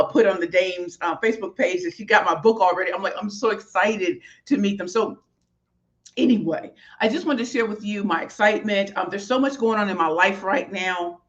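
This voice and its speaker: A woman speaker and author chats in a heartfelt, rambling live stream, full of fillers and warm thanks to her viewers. She talks from a small office in a hotel suite. The stream audio is dull and lo-fi. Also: mid-range voice.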